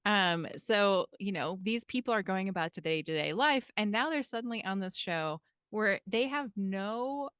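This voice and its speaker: A woman's voice: mid-range voice, moderate pace, few pauses, clear, resonant tone, dry recording, studio quality. A woman with a Midwestern accent hosting a podcast, chatting casually as a life coach and acting out quoted lines. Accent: American Midwestern. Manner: chatty, animated, acts out quotes.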